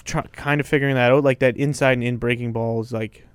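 A man's voice: medium pitch, quick pace, smooth, dry recording. A man co-hosting a casual sports podcast, talking baseball and now and then breaking into joking mock voices. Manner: animated, breaks into mock New York voices. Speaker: podcast co-host.

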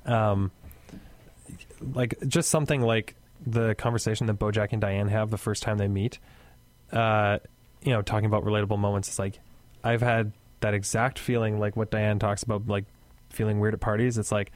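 A man's voice: fairly low pitch, level tone, moderate pace, no room sound. A man co-hosting a podcast, talking casually and hesitantly about a TV show. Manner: hesitant, restarts and fillers. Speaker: podcast co-host.

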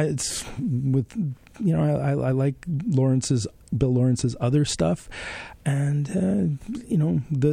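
A man's voice: mid-range voice, gravelly, dark tone, dry recording. A man hosting a campus radio music show, chatting loosely between songs with many fillers and restarts, from a studio mic. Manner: rambling, halting with fillers. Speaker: radio host. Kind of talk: casual radio DJ chat.

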